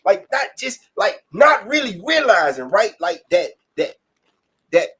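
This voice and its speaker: A man's voice: high voice, very animated, measured pace, a bit bright, slightly rough. A man, co-hosting a podcast in loose, profane, emphatic casual chat that circles back on itself. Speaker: podcast co-host.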